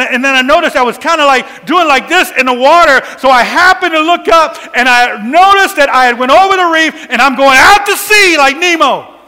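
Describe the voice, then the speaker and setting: A man preaching a sermon, telling a personal story with laughs and sudden shouts. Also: very high-pitched, long reverb tail.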